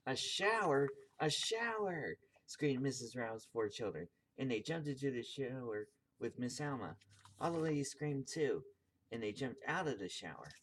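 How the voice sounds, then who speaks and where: A man's voice: mid-range voice, expressive, moderate pace, a little hiss or hum. A man reading a children's picture book aloud, tripping over words and correcting himself. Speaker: video host reading aloud.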